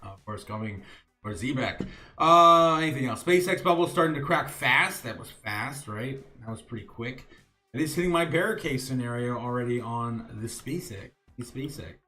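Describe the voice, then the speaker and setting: A man's voice: medium pitch, bright, forceful tone. A male host giving loose, chatty market-news commentary on a live stream, reading from chat with many fillers and chuckling asides. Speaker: crypto show host.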